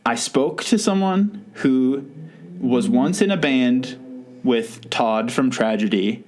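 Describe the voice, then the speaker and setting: A man's voice: medium pitch, takes it slowly, a little mellow, slight background noise. A man hosting a podcast in casual chat, rambling and laughing at his own stories. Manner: rambling, self-amused, laughs often. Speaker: podcast host.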